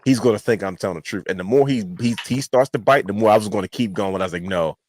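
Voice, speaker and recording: A man's voice: fairly low pitch, fast, a little mellow, no echo. Long-winded man telling a story. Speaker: podcast co-host. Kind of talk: casual chat.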